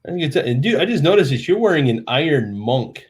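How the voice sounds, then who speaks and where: A man's voice: on the high side, big pitch swings, brisk. Tipsy man hosting a live stream. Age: 30s. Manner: chatty and rambling. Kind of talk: casual live stream chat.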